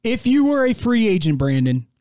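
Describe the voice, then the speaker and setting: A man's voice: high voice, sing-song, moderate pace, dark tone, no echo, clean studio sound. A man co-hosting a sports talk show, joking and teasing, with strong opinions. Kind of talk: casual sports radio chat.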